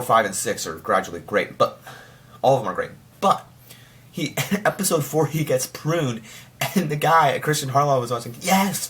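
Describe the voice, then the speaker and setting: Rambling young man reviewing a TV show. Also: mid-range voice. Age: young adult. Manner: rambling, many restarts and filler words; excitable, slips into mock voices. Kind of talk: casual spoken review.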